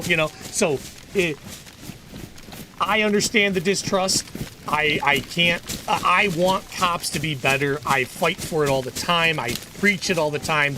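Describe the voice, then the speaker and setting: A man talks casually on a livestream in a fairly high voice. He is earnest and opinionated, and he circles back and restarts his sentences. Steady game noise sits clearly under his speech. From United States. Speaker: gaming livestreamer and lawyer.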